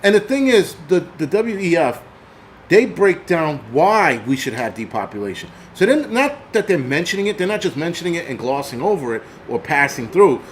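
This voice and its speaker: A man's voice: a little high, sing-song, normal speed, a little hiss or hum. A man hosting his own channel, ranting angrily and swearing through a casual monologue. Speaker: channel host. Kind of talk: profane rant vlog.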